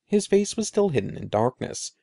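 A man narrating a children's storybook in an expressive, suspenseful way. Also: on the high side, moderate pace, vocal fry, no echo, clean studio sound. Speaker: audiobook narrator.

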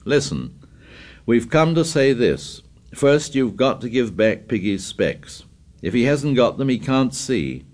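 A man's voice: medium pitch, sing-song, slow, voice pushed up. A man voicing an earnest young boy leader, speaking in a raised, insistent tone. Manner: raised, insistent, forceful delivery.

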